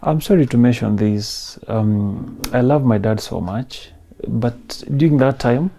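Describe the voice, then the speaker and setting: A man in his thirties with a Kenyan accent, telling his personal story in an emotional, soft-spoken way and mixing in Swahili phrases. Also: medium pitch, unhurried, gravelly. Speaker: interview guest.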